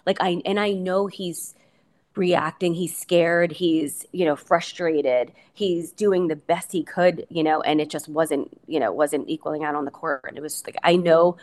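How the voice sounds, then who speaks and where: A woman's voice: low voice, fairly even intonation, unhurried, darkish tone. A middle-aged woman, a guest on an interview podcast, talking casually in a rambling way with many fillers and restarts. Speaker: guest, coach's wife.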